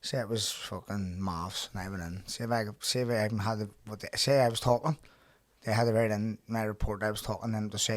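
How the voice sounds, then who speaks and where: A man's voice: on the low side, steady tone. A young man with a Belfast accent hosting a podcast, telling school stories in casual, sweary chat. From Northern Ireland. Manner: swears a lot, tells stories fast. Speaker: podcast host.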